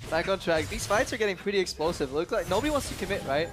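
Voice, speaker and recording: A man's voice: high-pitched, expressive, fast. A man giving playful color commentary on an esports match, laughing often. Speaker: esports analyst. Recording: music playing behind.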